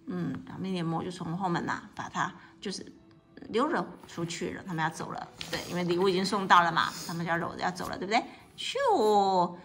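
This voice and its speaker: A woman reading a picture book aloud to a child, explaining the pictures in a lively way, often laughing and asking questions. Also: fairly low pitch, a little fast, faint music behind. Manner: lively, asks a child questions, mixes in English.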